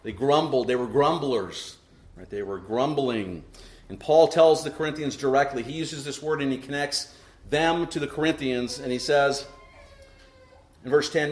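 A middle-aged man preaching in a church, his voice sitting at an ordinary pitch. He presses his points with repeated rhetorical questions and emphatic repetition. The sanctuary gives the voice a noticeable echo. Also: moderate pace, a little mellow. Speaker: pastor. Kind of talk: sermon. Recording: echoey church room.

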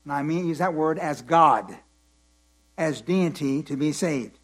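With a slightly high voice, a weary preacher leads a Bible lesson, moving slowly and deliberately. He repeats himself and leaves gaps for the congregation to complete his sentences.

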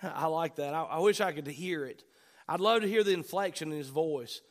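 A male pastor with a high voice preaches fervently at a moderate pace. He alternates between loud, urgent bursts and quieter, softer asides.

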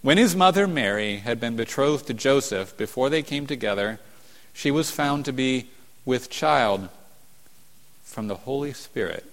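A man preaching a sermon as a pastor, earnest, rising to emphatic peaks and falling to hushed tones. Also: medium pitch, animated, measured pace. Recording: long hall reverb.

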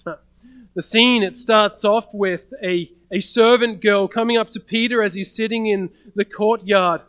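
High-voiced male preacher, dry sound. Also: steady tone, unhurried, a bit bright, smooth, no echo, poor audio. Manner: conversational storytelling with frequent restarts. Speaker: pastor. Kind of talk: sermon.

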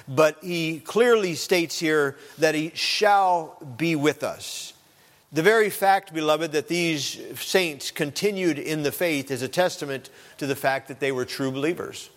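A man's voice: a little high, unhurried, a bit bright, big-room sound. A man preaching a sermon as pastor, often restarting and repeating phrases.

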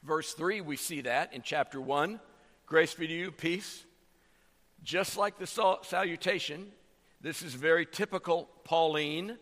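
Guy preaching, bright voice, lots of uh and um and restarts, big echoey hall. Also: fairly high pitch. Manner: halting, many fillers and restarts. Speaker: pastor. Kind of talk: sermon.

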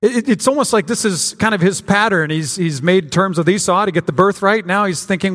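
A male pastor delivers a sermon in a conversational, searching way, often restarting his sentences and acting out quotes. His voice sits fairly high for a man. The sound rings with the long reverb of a church sanctuary. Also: brisk, hardly any pauses, fairly bright tone. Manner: conversational preaching with frequent restarts and acted-out quotes.

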